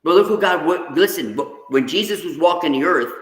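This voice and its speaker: A man's voice: on the high side, a little fast. Roomy-sounding man telling stories. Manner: animated storyteller, acts out quoted voices, says "man" a lot. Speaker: guest, reentry specialist. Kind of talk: casual podcast chat. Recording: roomy echo.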